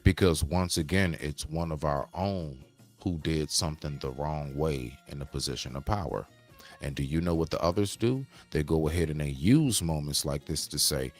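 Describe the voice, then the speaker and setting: A man with an extremely low, deep voice speaks as he reacts to a news clip for his viewers. He talks in a preachy way and throws rhetorical questions at them, and faint music plays behind him. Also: moderate pace. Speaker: commentary streamer. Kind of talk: reaction video commentary.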